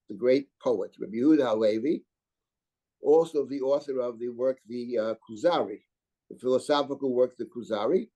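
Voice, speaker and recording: A man's voice: medium pitch, warm tone, low-quality recording. An older man, a rabbi, teaching a Torah class in a discursive lecture style, reading Hebrew verses aloud and often restarting his sentences. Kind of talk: lecture on biblical commentary.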